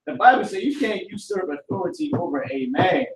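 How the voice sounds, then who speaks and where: A man leading a casual group discussion as teacher, animated and profane, often laughing as he talks. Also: sits high, a little fast, roomy sound, recorded from a distance, slight background noise, rough recording.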